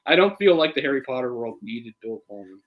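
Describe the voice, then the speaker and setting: A man co-hosting a casual live movie commentary, chatty and opinionated, getting heated and animated as he picks apart the adaptation. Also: medium pitch, brisk, crowd noise, poor audio. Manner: opinionated, gets heated and animated when ranting; chatty, full of "like" and restarts. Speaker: film commentary co-host.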